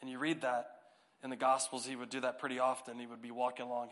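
A man's voice: mid-range voice, monotone, fast talker, fairly bright tone. A man preaching as a pastor in a church service, reading scripture, praying and joking casually with the congregation. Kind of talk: sermon with scripture reading and prayer. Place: church sanctuary.

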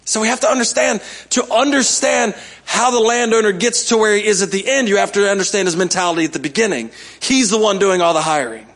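A man's voice: high-pitched, a little fast, few pauses, a bit bright. A male pastor giving a sermon in a conversational way, coaxing the congregation to respond.

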